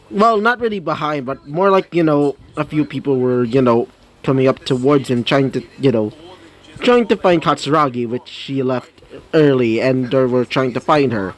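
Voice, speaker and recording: A man's voice: on the high side, lively intonation, normal speed. A man improvising a fan story as narrator, rambling with many fillers and self-corrections.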